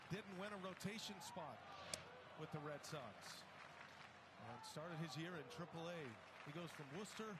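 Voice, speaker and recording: A man calling a baseball game as play-by-play announcer, steady and informative, filling the gaps between pitches with background on the players. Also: moderate pace, a loud crowd. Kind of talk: live baseball commentary. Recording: commentary over loud stadium noise.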